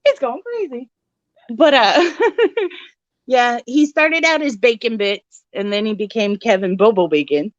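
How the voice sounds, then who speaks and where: A woman co-hosts a podcast in casual chat with a high, lively voice that swoops as she tells stories. She acts out little voices and laughs often. The recording is dry and a bit muffled. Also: a little slow, no echo. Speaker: podcast co-host.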